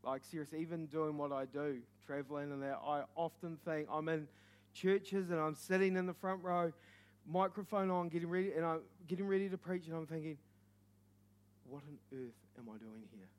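A young man with a New Zealand accent, preaching with stories, animated and joking, sometimes shouting. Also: on the high side, brisk, hardly any pauses, smooth. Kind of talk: sermon with stories.

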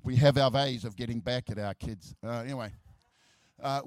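A man's voice: mid-range voice, moderate pace, darkish tone, dry recording. A middle-aged man preaching a sermon, reading scripture aloud, often repeating words and dropping joking asides. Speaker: pastor.

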